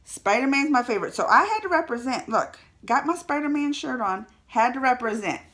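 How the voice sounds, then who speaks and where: A woman giving a casual, emotional vlog movie review to the camera, chatty and quick to tear up or laugh. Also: high-pitched, expressive, fairly bright tone.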